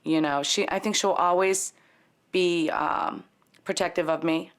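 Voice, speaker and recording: Reflective mother, lowish voice. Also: fairly even intonation, measured pace. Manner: reflective, hesitant. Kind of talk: interview.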